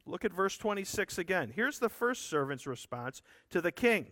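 Man, high voice, dry close sound, sermon, earnest, emphatic, rhetorical asides. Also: very animated, moderate pace, fairly bright tone, no room sound. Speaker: preacher.

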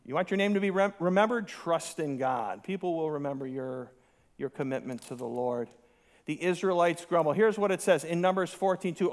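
A man's voice: on the high side, moderate pace. A man preaching a sermon, reading scripture aloud and adding sarcastic asides, mocking the complainers in a dramatic voice. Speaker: pastor.

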